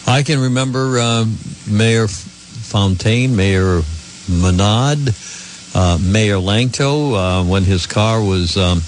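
A man's voice: fairly low pitch, slow, a little hiss or hum. Chatty male talk radio host. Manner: chatty, joking, filler-heavy. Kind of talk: casual call-in radio talk.

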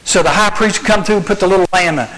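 A man's voice: high voice, quick pace, a bit bright, a little hiss or hum, rough recording. Dramatic man preaching to youth. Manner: dramatic storytelling with rhetorical questions; acts out scenes with a live demonstration. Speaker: youth speaker. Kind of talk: youth sermon.

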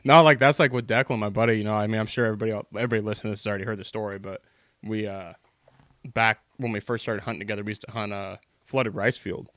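A man's voice: on the low side, steady tone, rapid-fire, fairly bright tone, dry recording. A man hosting a podcast in casual chat, laid-back and profane, telling his own hunting story. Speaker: podcast host.

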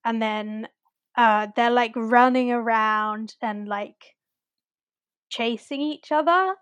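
A woman's voice: on the high side, smooth, no echo. Dry, close-miked woman chatting. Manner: fast and loose, filler words, lively retellings. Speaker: podcast co-host. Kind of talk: casual chat.

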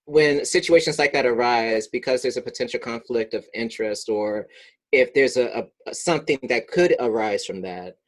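Man asking a halting, earnest question. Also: medium pitch. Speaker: podcast co-host. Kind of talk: casual chat.

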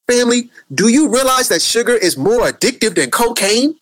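Animated preachy man ranting on a live video. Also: very high voice, fast talker, hardly any pauses, no room sound. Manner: preachy, rambling, addresses listeners as family. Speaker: social media commentator.

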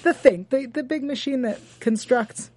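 A woman co-hosting a TV after-show, recapping an episode in casual chat and talking in halting bursts full of fillers and restarts. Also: high-pitched, darkish tone, no echo.

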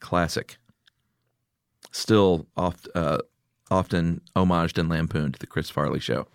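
Middle-aged guy hosting a chatty podcast, lowish voice, dry close mic, laughs a lot. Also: fairly even intonation, takes it slowly, vocal fry, clean tone, no echo. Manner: laughs often, reads listener picks aloud. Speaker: podcast host. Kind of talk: casual chat.

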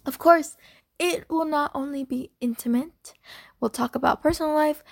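A woman's voice: sits high, moderate pace, creaky, dry recording, studio quality. A young woman hosting her own unedited podcast, chatting in a scatterbrained, apologetic way. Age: young adult. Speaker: podcast host. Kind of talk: casual unedited podcast chat.

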